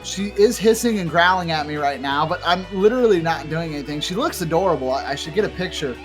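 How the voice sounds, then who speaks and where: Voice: medium pitch, animated, quick pace, faint music behind. Chatty rambling home-studio esports caster. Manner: chatty and rambling, laughing asides. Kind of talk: live tournament commentary. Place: home setup. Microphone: desk microphone with pop filter.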